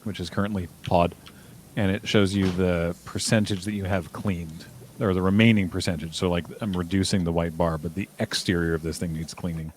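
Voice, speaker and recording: A man with a deep, low-pitched voice chats over a cooperative video game on a stream. He walks viewers through what he is doing as he plays, with a faint hum of room noise behind him. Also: fairly even intonation, a little fast. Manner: explains the game step by step to viewers. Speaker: stream host. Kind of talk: casual gameplay chat.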